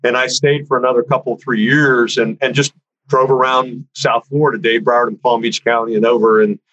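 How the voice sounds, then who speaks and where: A man casually telling a story from his career, animated and conversational, acting out what other people said. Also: mid-range voice, fairly quick, highs cut off. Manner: animated, acts out other people's lines in a raised voice; conversational, frequent fillers like "you know" and "man".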